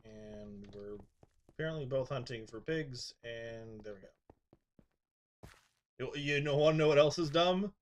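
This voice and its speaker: A man's voice: mid-range voice, unhurried, pauses often. A man with a mid-range voice talking through his gameplay in a loose, casual way. He laughs a lot, scolds the creatures on screen and drops into muttered asides under his breath. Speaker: gaming streamer. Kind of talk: casual gameplay commentary, reading chat.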